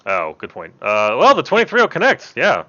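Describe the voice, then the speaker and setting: Lively bright-voiced man running a game. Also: medium pitch, a little fast. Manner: reads rules aloud, hesitant fillers. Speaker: game master. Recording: dull lo-fi call audio.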